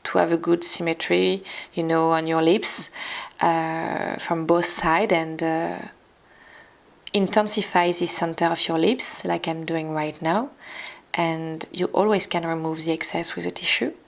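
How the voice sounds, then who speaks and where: A woman with a French accent, a native French speaker, narrating a makeup tutorial in a soft, careful way, with small restarts and slips in English. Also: fairly low pitch, fairly even intonation, a little slow, vocal fry. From France. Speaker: beauty vlogger.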